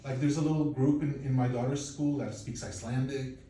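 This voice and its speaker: A man in his thirties, originally from Poland, doing a stand-up set with animated, profane, self-mocking storytelling. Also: mid-range voice, fast talker. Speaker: stand-up comedian. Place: comedy club. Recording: echoey club, distant mic, faint noise.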